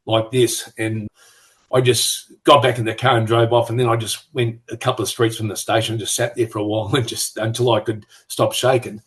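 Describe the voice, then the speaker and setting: An Australian man in his sixties talks in a low, level voice that barely rises or falls. He speaks haltingly and reflectively, often starting a thought over. He comes through a video call as an interview guest. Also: little pitch movement. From Western Australia. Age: 60s. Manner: halting and reflective, frequent restarts. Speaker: retired police superintendent, guest. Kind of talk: conversational interview.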